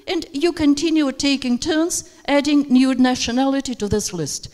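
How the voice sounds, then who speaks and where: A woman's voice: high voice, moderate pace, a little mellow. A woman with as her leading a live workshop for teachers, hesitant with many fillers and coaxing participants to take turns. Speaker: teacher trainer. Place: conference room with audience. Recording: reverberant hall recording.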